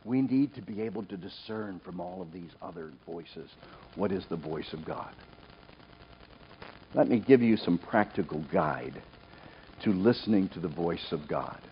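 A man's voice: low-pitched, measured pace, slight background noise. A middle-aged male pastor preaching a sermon, telling a personal story and acting out the voices in it. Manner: animated storytelling, acts out quoted voices. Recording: dull lo-fi recording.

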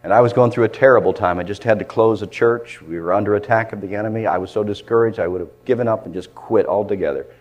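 An older man from Michigan preaching a sermon as a pastor, impassioned, swinging from loud fervent cries down to hushed near-whispers. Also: on the low side, fast talker, hardly any pauses, dull audio.

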